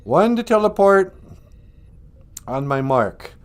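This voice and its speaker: Goofy podcast host guy, slow drawl, pitch swings all over, laughs a lot. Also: wildly swooping pitch. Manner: goofy, laughs often, makes beep sound effects. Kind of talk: playful casual chat.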